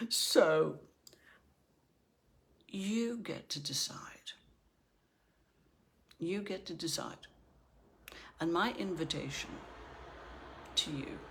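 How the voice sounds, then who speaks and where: A woman's voice: lowish voice, vocal fry, a bit bright, a little hiss or hum. A middle-aged woman from Northern Ireland, a life coach giving a chatty motivational talk and often checking in with "right?".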